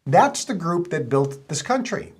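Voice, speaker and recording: A man's voice: a little high, very animated, unhurried, husky. A man speaking in an emphatic, lecturing way. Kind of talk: speech.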